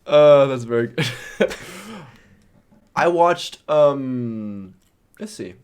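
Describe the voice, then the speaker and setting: A man's voice: mid-range voice, expressive, drawn-out words, a little mellow, clear, resonant tone, highs cut off. A man co-hosting a podcast in casual chat, teasing and laughing often. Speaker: podcast co-host.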